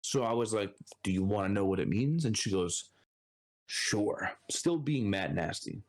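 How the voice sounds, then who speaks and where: Brooklyn man telling a lively story. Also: on the low side, normal speed. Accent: New York. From Brooklyn, New York. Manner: animated storyteller acting out other people's lines. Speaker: podcast guest, Marine Corps reservist. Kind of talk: casual storytelling interview.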